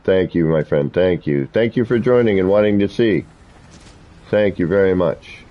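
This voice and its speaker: A man with a fairly low voice chats loosely while he streams a game, rambling from one thought to the next as players drop into his voice chat. The audio is dull and lo-fi, like a basic stream mic. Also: moderate pace. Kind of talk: casual live-stream chat while gaming.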